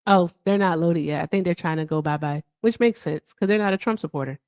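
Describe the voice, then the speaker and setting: A woman's voice: fairly low pitch, a little fast, darkish tone, no echo. A woman hosting a casual livestream, chatting with guests and viewers, laughing often and trailing off. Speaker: livestream host.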